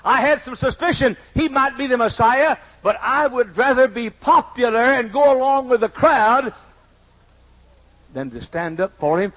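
A male preacher delivering a sermon with great passion, speaking in the first person as repentant sinners and swinging from hushed, low pleading to shouting. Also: lively intonation, unhurried, low-quality recording.

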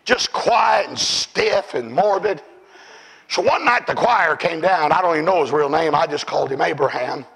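A man preaching a sermon, telling stories with fervour and often shouting. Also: fairly high pitch, moderate pace, creaky, slightly rough, rough recording. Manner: fervent storytelling, often shouting.

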